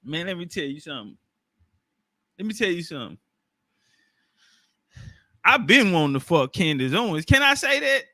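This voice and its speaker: A man's voice: sits high, sing-song, normal speed, long pauses, sharp tone, no room sound, studio quality. A man in casual, profane commentary, talking loosely with street slang and frequent laughs into his own microphone.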